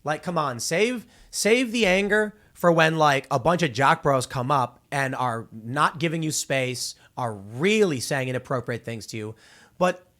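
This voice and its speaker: Male host, 30s, animated and expressive pitch, rambling solo commentary with frequent restarts. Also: a little slow. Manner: rambling, repeats words when restarting; acts out quoted people in exaggerated voices. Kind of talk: casual opinion commentary.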